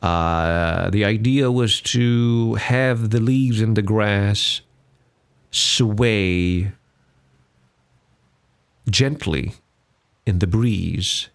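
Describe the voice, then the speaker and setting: Slow, gravelly young man. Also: lowish voice. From Singapore. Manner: rambling and self-deprecating, with many restarts. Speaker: podcast host. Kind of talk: casual solo podcast chat.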